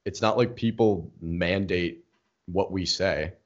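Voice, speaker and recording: A young man, co-hosting a casual podcast and telling stories in an excitable, swearing rant. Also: low voice, slow pace. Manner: excitable storyteller, swears freely, heated rants. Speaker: podcast co-host. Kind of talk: casual chat. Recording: dull lo-fi recording.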